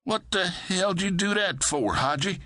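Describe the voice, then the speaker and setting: A male narrator voicing a flustered, heavyset male FBI agent with loud, exasperated outbursts. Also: high-pitched, normal speed, no echo, clean studio sound, voice pushed up.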